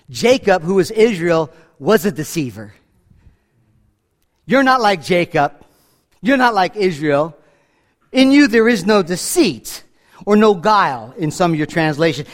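A middle-aged man from New York preaching a conversational Bible-teaching sermon, acting out the scripture dialogue. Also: high voice. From New York, USA. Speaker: pastor.

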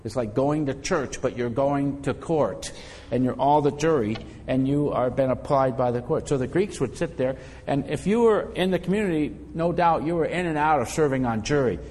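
A man's voice: medium pitch, normal speed, darkish tone, in a large hall. A man preaching a sermon as pastor, talking in a loose conversational way and often repeating words as he finds his phrasing.

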